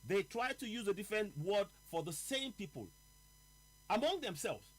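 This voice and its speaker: High-voiced emphatic male host. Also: sing-song, a bit bright, poor audio. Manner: emphatic, repeats key points slowly. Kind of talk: live political talk broadcast.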